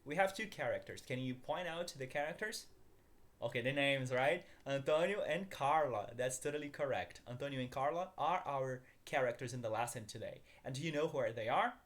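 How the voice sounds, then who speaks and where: A man's voice: medium pitch, animated, moderate pace, a bit bright. A man teaching a beginners' language lesson, upbeat, calling his viewers guys and asking them to repeat after him.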